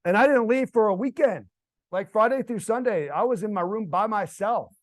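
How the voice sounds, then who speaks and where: Middle-aged American man, casual group talk, fairly high voice, dry sound, animated storyteller. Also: normal speed, dry recording. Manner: animated, builds to loud excited outbursts. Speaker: speaker at a church forum. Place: church hall event.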